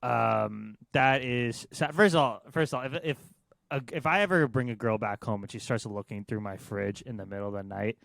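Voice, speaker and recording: A man's voice: mid-range voice, normal speed, creaky, fairly bright tone, dry recording. A young man co-hosting a podcast, giving crude, blunt opinions in a rambling way. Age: young adult. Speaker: podcast co-host. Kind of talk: casual chat.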